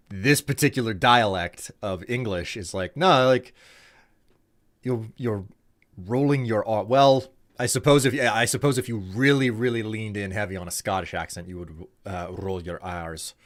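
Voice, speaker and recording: A man hosts a live stream, musing aloud in casual commentary and often restarting his sentences. His voice sits low. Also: normal speed, fairly bright tone.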